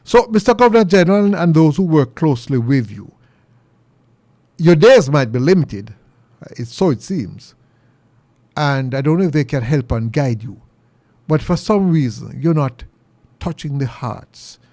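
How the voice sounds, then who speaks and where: A middle-aged Jamaican man hosting a commentary show, talking earnestly and preachily, his pitch jumping high when he presses a point. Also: animated, unhurried, pauses often, warm tone, no room sound. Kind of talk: opinion monologue.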